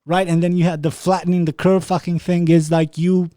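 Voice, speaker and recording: A podcast host from Romania speaking English with a Romanian accent, ranting angrily with heavy swearing and frequent restarts. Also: male voice, on the high side, little pitch movement, a little fast, warm tone, dry recording, clean studio sound. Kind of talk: angry profane monologue.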